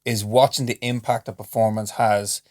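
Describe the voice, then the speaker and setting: A man, a former sprinter co-hosting a sports podcast, measured and thoughtful in casual chat. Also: fairly low pitch, flat delivery, darkish tone. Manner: measured, thoughtful, uses fillers like "you know".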